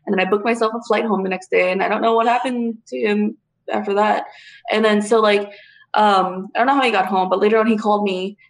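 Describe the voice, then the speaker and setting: A woman's voice: mid-range voice, steady tone, fast talker. A young woman telling a story in casual chat, blunt and full of swearing.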